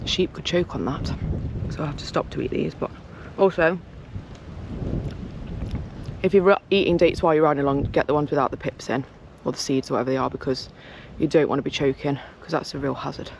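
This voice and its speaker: A woman's voice: sits low, steady tone, a little fast, gravelly, a little mellow. A woman chatting casually to camera on a long countryside bike ride, talking to the animals she passes and to herself. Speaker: cycling vlogger. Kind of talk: casual vlog chat. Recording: outdoor wind and road noise.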